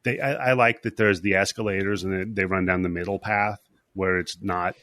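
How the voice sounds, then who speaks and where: A man hosting a podcast, recapping a film in a loose, profanity-laced ramble. His voice sits at a middle pitch and sounds close and dry, with no room around it. He drops into quick voices for the characters as he goes. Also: steady tone, pushed and bright, dry recording. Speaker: podcast host. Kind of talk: casual movie recap chat.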